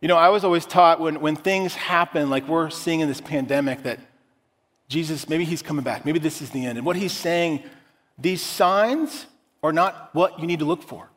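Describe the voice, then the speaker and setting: A man preaching a sermon, teaching through a Bible passage in a conversational, animated way and often repeating himself. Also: a little high, moderate pace, big-room sound. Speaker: pastor.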